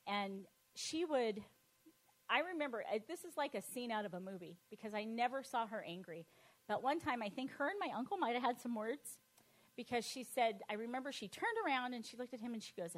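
Her voice a little high, a middle-aged woman shares her testimony with lively animation, frequently laughing and performing the voices of those she quotes.

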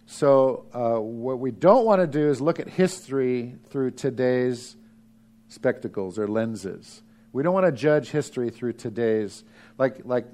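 A middle-aged man preaching a sermon as pastor, lively, sometimes dropping to a hush for emphasis. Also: mid-range voice.

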